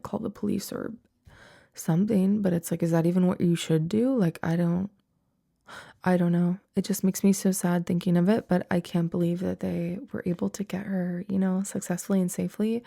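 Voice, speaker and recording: A woman's voice: lowish voice, vocal fry, mellow. A young woman in her twenties hosting a solo podcast, chatting casually with lots of "like" fillers and frequent laughter. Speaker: podcast host.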